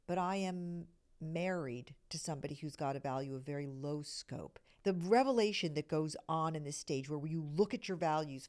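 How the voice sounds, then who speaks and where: A middle-aged woman hosting a podcast, explaining a self-discovery method in an earnest, conversational teaching manner, often checking in with "okay?" and dropping into soft whispered asides. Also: sits low.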